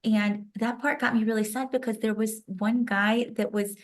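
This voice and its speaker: A young adult woman appearing as a guest author tells a personal story in an interview, recounting it with emotion and animation and dropping "like" often. Her voice is fairly high and her pace moderate.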